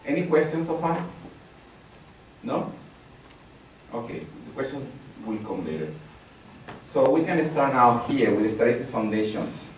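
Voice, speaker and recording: A man's voice: medium pitch, animated, unhurried, long pauses. A man leading a live technical training session, talking conversationally, repeating key phrases and polling the audience. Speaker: instructor. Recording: very echoey room from far off, faint noise.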